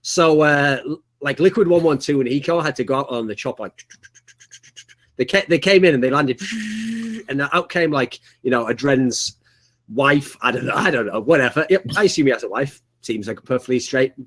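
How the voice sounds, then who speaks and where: A man's voice: medium pitch, lively intonation, normal speed, a bit bright. A man co-hosting a casual esports podcast, telling a rambling story with self-aware asides. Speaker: podcast co-host, esports commentator.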